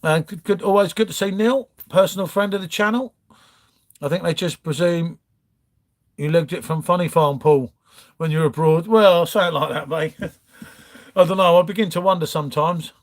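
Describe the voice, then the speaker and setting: A fairly high-voiced man chatting through a live stream from home, greeting viewers one by one with easy matey banter. He talks loosely and cheerfully, calling everyone mate and fella. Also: moderate pace. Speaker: livestream host reading viewer chat. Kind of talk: casual live chat. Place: home, pub-style setup.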